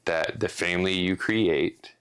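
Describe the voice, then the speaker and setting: A man's voice: low voice, a little slow, fairly bright tone, smooth. A man co-hosting a casual podcast, rambling through a rant with restarts and some swearing. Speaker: podcast co-host.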